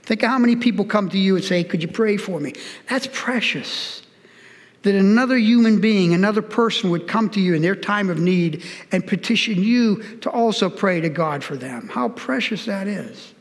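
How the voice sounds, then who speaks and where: Older man, sixties, preaching, high voice, earnest personal storytelling, reverberant church hall. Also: moderate pace. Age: 60s. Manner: earnest, personal storytelling, direct appeals to listeners. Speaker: pastor. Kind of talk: sermon.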